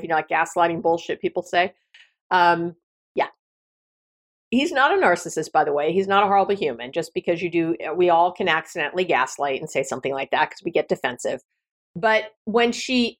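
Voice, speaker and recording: Woman, middle-aged, therapist-host; animated solo podcast talk with playful asides. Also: medium pitch, brisk. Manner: chatty, animated, playful asides with frequent laughs.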